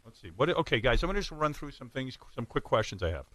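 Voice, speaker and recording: A man's voice: mid-range voice, sing-song, fairly bright tone, no echo. Man running a studio tech check. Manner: distracted, asking quick questions. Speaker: radio host checking studio equipment. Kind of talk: casual technical run-through.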